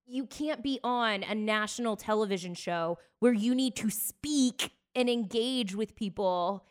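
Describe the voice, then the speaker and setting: A woman's voice: on the high side, unhurried. A woman co-hosting a podcast in casual chat, a chatty storyteller who laughs easily. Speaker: podcast co-host.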